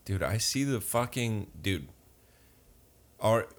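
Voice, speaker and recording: A man's voice: lowish voice, animated, takes it slowly. A young man co-hosting a casual podcast, telling wry, teasing stories.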